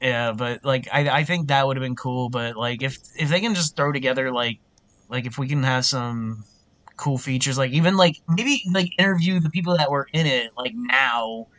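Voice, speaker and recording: A man's voice: mid-range voice, normal speed, a bit bright. A man co-hosting a casual film podcast, who rambles with lots of "like" and swears freely. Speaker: podcast co-host. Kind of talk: casual chat.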